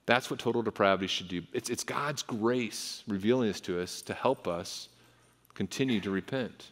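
A mid-pitched man preaches a sermon in earnest, often repeating and restarting his words. His pitch and force climb when he reads scripture aloud. His voice rings out with the long reverb of a church hall. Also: big pitch swings, normal speed, fairly bright tone. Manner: earnest, with frequent repetitions and restarts. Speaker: pastor.

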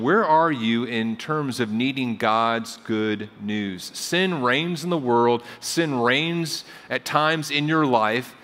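A man's voice: medium pitch, a bit bright. A male pastor preaching a sermon in a conversational storytelling way, often repeating phrases for emphasis, in a church sanctuary. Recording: long hall reverb.

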